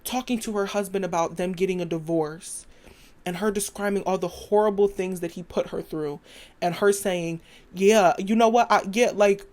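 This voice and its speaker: A woman's voice: fairly low pitch, a little mellow. A woman hosting her own podcast, talking in a rambling, emphatic stream of thought and stopping to quote song lyrics. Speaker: podcast host. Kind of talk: casual opinion monologue.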